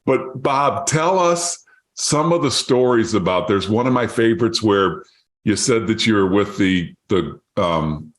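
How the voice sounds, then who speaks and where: Low-voiced man hosting a chat. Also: unhurried. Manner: lively storyteller who acts out quotes. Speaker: podcast host. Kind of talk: casual interview chat.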